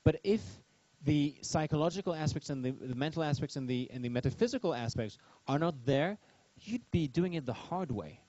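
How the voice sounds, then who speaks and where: Warm, animated, and somewhat high, a man's voice moves fairly quickly with few pauses through a live seminar talk. He rambles before the attendees, often restarting and joking, in a dull lo-fi recording.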